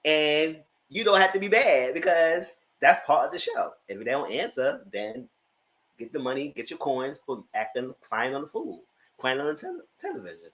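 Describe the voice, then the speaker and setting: A man recapping a TV episode in a casual review, chatty and animated, dropping sassy asides and laughing often. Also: on the high side, moderate pace. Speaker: TV recap YouTuber.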